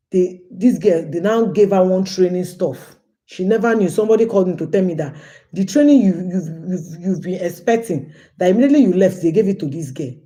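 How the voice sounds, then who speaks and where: Mellow-voiced woman livestreaming. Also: fairly low pitch. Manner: chatty, addresses viewers as guys, repeats phrases. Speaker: livestream host. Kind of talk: casual storytelling livestream.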